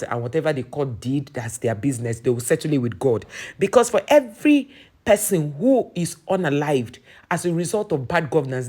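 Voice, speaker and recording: Speaking in a deep voice, a young Nigerian-accented woman gives lively, casual commentary on a political story, restarting often.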